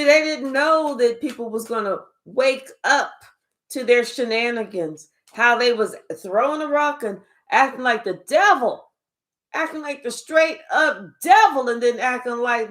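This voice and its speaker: In a spiritual reading monologue, a tarot reader talks a little slowly in a high, fairly bright voice. She's blunt and profane, pressing her points hard and asking one rhetorical question after another.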